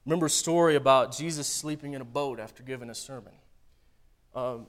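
A man preaching a sermon, swinging between loud dramatic readings and quiet joking asides to the congregation. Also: mid-range voice, brisk.

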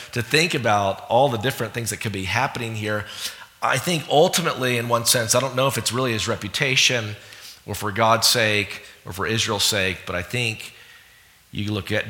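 Animated preacher man in echoing hall. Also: on the low side. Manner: animated, acts out voices, laughs often. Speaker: pastor. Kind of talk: sermon. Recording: long hall reverb.

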